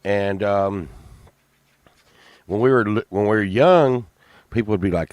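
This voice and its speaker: Drawling, slow Texan man, dry mic. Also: on the low side, dry recording. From Texas. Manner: drawling, rambling, swings between mumbles and loud outbursts. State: tired from a late night. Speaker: show host. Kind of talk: rambling casual chat.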